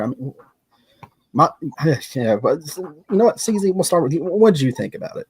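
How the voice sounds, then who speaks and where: A man's voice: a little high, normal speed, husky, dry recording. Kentucky man hosting, dry close sound. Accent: Southern US, Kentucky. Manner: animated, ranting, folksy. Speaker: podcast host. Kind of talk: casual round-table chat.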